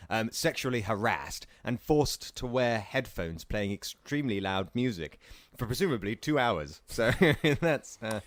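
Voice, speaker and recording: A man co-hosts a film podcast from a studio, with an animated voice that swings up and down. He is jokey and laughs often. The recording is close and dry. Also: lowish voice, unhurried, hardly any pauses, dry recording. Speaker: podcast co-host. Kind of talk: casual film review chat.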